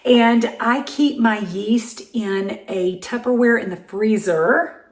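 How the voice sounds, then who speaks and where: A woman's voice: a little high, slow, reverberant. A middle-aged woman with a Southern American accent, hosting a home cooking show in a cheerful, chatty, folksy way from her kitchen.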